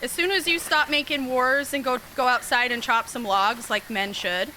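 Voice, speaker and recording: A woman streaming a horror game, chatting casually with viewers, sassy and swearing freely, with sudden excited yelps. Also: sits high, moderate pace, a little hiss or hum, low-quality recording. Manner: bursts into excited yelps during scares. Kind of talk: casual live-stream chat over gameplay.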